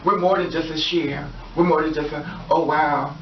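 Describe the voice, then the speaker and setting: A woman's voice: low voice, fairly even intonation, fairly quick. A woman telling an impassioned story in an earnest, emphatic monologue, repeating phrases for weight. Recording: distant echoey dull noisy recording.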